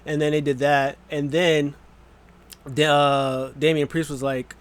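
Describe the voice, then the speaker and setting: A young wrestling vlogger with a fairly high voice recaps matches in a casual, excitable, rambling way, now and then slipping into quick silly voices.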